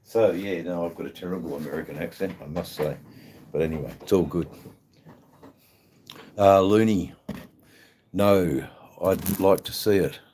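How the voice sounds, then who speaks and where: A man's voice: low voice, fairly quick, dark tone, a little hiss or hum. An Australian man hosting a livestream in casual chat, rambling and hesitant, swearing freely. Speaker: livestream host.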